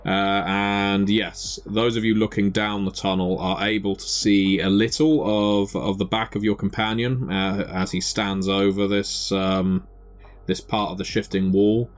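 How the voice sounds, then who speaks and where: A man narrating a tabletop game as game master, describing scenes in a measured way with occasional fillers. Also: fairly low pitch, little pitch movement.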